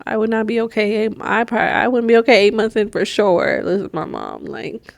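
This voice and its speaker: A woman's voice: mid-range voice, animated, fairly quick, vocal fry, no room sound. A woman co-hosting a podcast in casual chat, telling stories animatedly and acting out both sides of the exchange. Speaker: podcast co-host.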